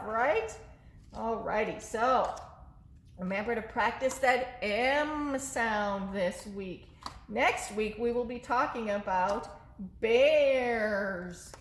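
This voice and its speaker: A woman's voice: on the high side, expressive, takes it slowly, slight background noise. Echoey children's librarian woman. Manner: upbeat, speaks to children with frequent check-in questions. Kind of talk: children's story time. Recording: echoey room.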